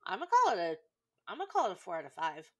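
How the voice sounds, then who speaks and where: Animated, giggly woman. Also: mid-range voice, fast. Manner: giggly, swears, makes playful sound effects. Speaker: podcast co-host. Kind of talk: casual chat.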